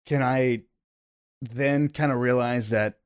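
A man playing in a tabletop game, excitable and quick to swear. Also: mid-range voice, clear, resonant tone, no room sound, clean studio sound. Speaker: player. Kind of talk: casual tabletop chat.

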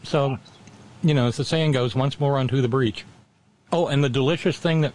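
A man's voice: mid-range voice, darkish tone. A chatty male radio host who stumbles through his sentences, restarting and repeating words as he tells a story. His tone is wry and self-deprecating. A faint hiss sits under his voice. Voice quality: halting, stammering restarts. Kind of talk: casual on-air chat.

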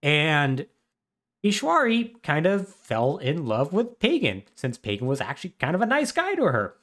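The man's voice is fairly high and a bit bright, with huge pitch swings at a moderate pace. Co-hosting a podcast, he casually retells a video game's story with dry humor and many fillers.

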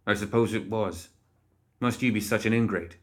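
A man's voice: lowish voice, moderate pace, close to an everyday voice. A man voicing an anxious one-eyed young man in an audiobook. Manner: worried and pleading.

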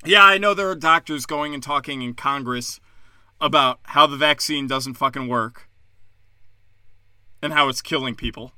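Sarcastic ranting man, bright and dry. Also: medium pitch, moderate pace, pauses often, clear, resonant tone, no echo. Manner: combative, sarcastic, mocking voices of critics. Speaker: comedian. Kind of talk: profane ranting monologue.

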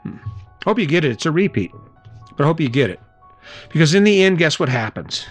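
A man's voice: on the high side, big pitch swings, a little fast, soft background music. A middle-aged man hosting a motivational podcast, talking casually and acting out short everyday exchanges. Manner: casual, chatty, laughs and acts out little scenes. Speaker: podcast host.

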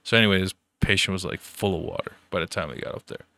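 A man's voice: sits low, fast, vocal fry, pushed and bright, no echo. A young man telling rambling, profanity-filled stories in casual chat, full of fillers.

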